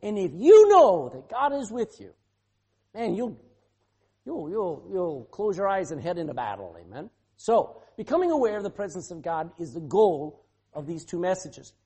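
Preacher with a lively, swooping pitch. Animated sermon delivery, firing questions at the congregation. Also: moderate pace, slightly rough. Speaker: pastor.

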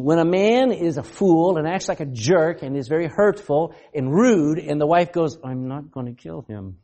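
A male pastor preaching a sermon, asking the congregation questions, laughing often and acting out quoted voices. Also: on the high side. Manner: animated, asks the congregation questions.

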